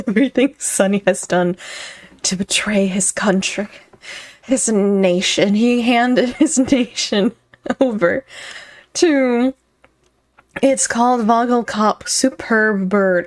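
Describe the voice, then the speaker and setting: Woman streamer, unhurried, laughs often, chatty reaction commentary. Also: mid-range voice. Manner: playful, giggly, thanks chat viewers by name. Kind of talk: casual live-stream commentary.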